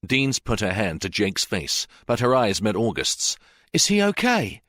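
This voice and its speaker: A man narrating a fiction audiobook in a steady, measured way. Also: lowish voice, no echo, studio quality. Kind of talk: scripted narration.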